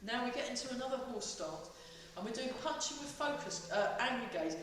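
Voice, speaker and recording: A woman's voice: fairly high pitch, animated, fairly quick, background noise. A woman leading a tai chi class, joking playfully while calling out the breaths. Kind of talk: teaching a class, guiding breathing. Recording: echoey room, voice far from mic.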